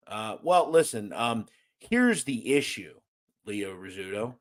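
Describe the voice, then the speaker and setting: A man with a lowish, sing-song voice hosts a casual livestream at a slow pace, reading viewer comments aloud and joking around. He's loose and playful, jumping from loud remarks to mumbled asides.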